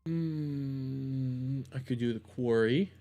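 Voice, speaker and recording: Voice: medium pitch, drawn-out words, warm tone, no room sound, soft background music. A streamer chatting live while reacting to clips, rambling, repeating themselves, stammering and laughing often.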